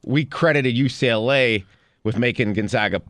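A man's voice: medium pitch, normal speed, a bit bright, no echo, clean studio sound. A man co-hosting sports talk radio, arguing his points with betting odds.

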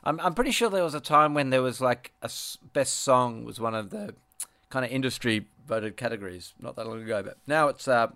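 A man's voice: mid-range voice, animated, fairly quick, pushed and bright, no room sound. A middle-aged man, a musician co-hosting a casual chat, telling a rambling story with frequent laughs and restarts. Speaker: podcast co-host, musician.

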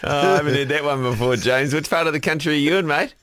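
A man's voice: fairly high pitch, fairly even intonation, fairly bright tone, clean tone, no room sound, clean studio sound. Laid-back New radio host, man. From New Zealand. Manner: laid-back, jokey, quick to laugh. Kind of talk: casual radio banter.

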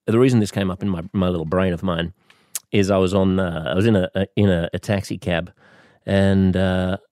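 Australian man, low voice, dry close sound, sarcastic rambling comic monologue. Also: steady tone, a little fast, a little mellow, no room sound. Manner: sarcastic, rambling, with mock-innocent rises. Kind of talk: comedic monologue.

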